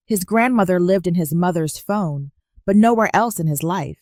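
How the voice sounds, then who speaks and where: A woman narrating a first-person story as scripted narration in a measured, even storytelling delivery. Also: on the low side, no room sound, clean studio sound.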